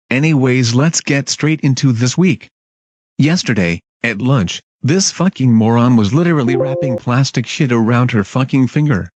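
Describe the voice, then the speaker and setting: A man tells a storytime in an irritable, blunt rant, with profanity in nearly every line. His voice sits at an ordinary middle pitch. The sound is dry and close, with no room echo. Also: darkish tone. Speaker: storytime narrator. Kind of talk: ranting storytime narration.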